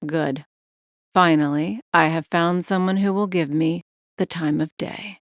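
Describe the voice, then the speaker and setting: A woman puts on an eerie older male caller for an audiobook, his voice deep and gravelly, slow and controlled with a menacing edge. He comes across low and dry, close to the mic with no room around him. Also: fairly even intonation, no room sound. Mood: ominous.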